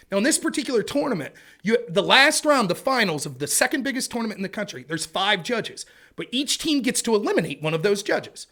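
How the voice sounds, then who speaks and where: A man talking as a guest in a casual interview, fast and energetic, full of asides. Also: sits high. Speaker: interview guest, debate show host.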